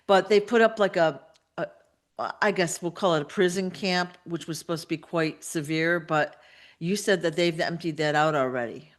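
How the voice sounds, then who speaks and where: A woman with a fairly low voice hosts a casual live-stream interview. She eagerly chimes in with short reactions and asks follow-up questions. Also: normal speed. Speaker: host.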